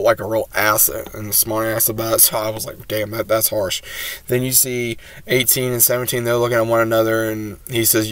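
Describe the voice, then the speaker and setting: A man hosts his own video and walks through an episode in a loose, rambling recap full of fillers and "he says". His voice sits low and stays flat and level in pitch. The recording is dry, with no room sound. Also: no echo. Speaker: host.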